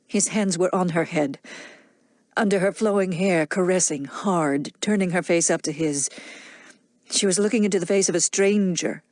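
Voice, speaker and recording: A woman narrating an audiobook in a measured, dramatic reading style. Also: lowish voice, a little mellow, dry recording, studio quality. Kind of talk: scripted narration.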